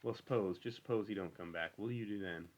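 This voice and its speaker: Man voicing a stable hand, older, lonely, bitter, needling, rural drawl, very deep voice. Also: a little fast, muffled recording, close to an everyday voice. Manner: brooding, needling, rural dialect.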